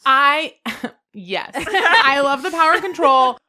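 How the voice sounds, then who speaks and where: A woman chatting as a podcast guest, playful and excitable, often giggling. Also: high-pitched, takes it slowly. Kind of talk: casual chat.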